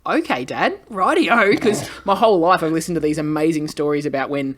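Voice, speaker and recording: A woman's voice: low-pitched, fast, a little hiss or hum. A middle-aged woman with an Australian accent, a comedian chatting on a podcast, telling stories with plenty of swearing and acted-out quotes. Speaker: comedian guest. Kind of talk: casual podcast chat.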